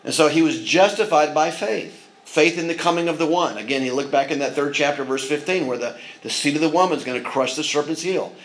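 Higher-pitched man preaching a sermon. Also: a little fast, hardly any pauses, rough recording. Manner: earnest preaching with frequent restarts and asides. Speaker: pastor.

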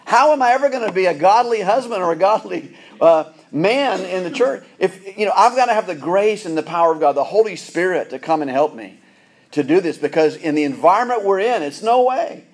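A man's voice: high voice, animated, fairly quick. A middle-aged pastor preaching a sermon, earnest, often repeating words as he restarts phrases.

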